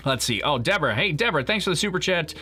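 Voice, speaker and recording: A man's voice: fairly high pitch, animated, racing, bright, forceful tone, breathy edge, soft background music. A man hosting a live stream, chatting casually with viewers, joking and laughing often. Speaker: livestream host.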